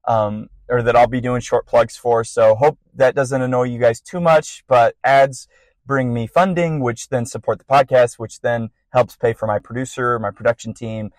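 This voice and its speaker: A young man hosting a podcast, telling a personal faith testimony in a casual, rambling way with bursts of excitement. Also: medium pitch, normal speed, no echo, rough recording. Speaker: podcast host.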